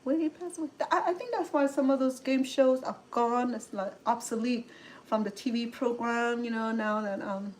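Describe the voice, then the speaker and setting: A woman's voice: fairly high pitch, normal speed, slight background noise, rough recording. A middle-aged woman with a Cambodian accent, chatting casually as a cooking show host, rambling with many restarts and fillers. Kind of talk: casual chat.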